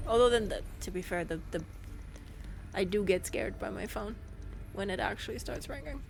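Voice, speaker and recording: A woman's voice: fairly high pitch, expressive, normal speed, slight background noise. A woman streamer chatting and joking as she gives casual gameplay commentary. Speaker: let's play streamer.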